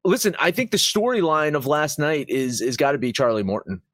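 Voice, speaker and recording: A man's voice: a little high, brisk, no room sound. Guy hosting a betting show, fired up and cursing a lot, dry close sound. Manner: animated, profane, emphatic. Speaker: sports betting podcast host. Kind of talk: casual sports talk.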